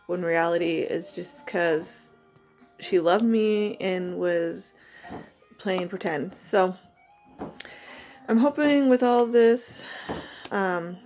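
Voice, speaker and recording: A mother reads from her journal, then talks reflectively and a little nervously, pausing and restarting as she goes. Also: fairly low pitch, a little mellow, faint music behind. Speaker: mother vlogging.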